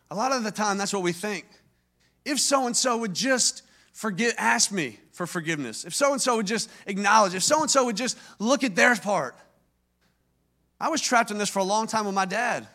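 A man's voice: sits high, bright, forceful tone. A man from Louisiana, preaching a sermon and telling his own story in an earnest, conversational way that grows emphatic. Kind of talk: personal testimony sermon.

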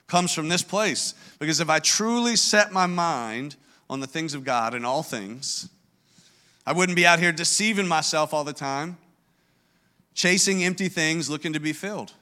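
Guy pastor preaching, kinda high voice, earnest and emphatic, restarts a lot. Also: normal speed, pushed and bright. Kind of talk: sermon.

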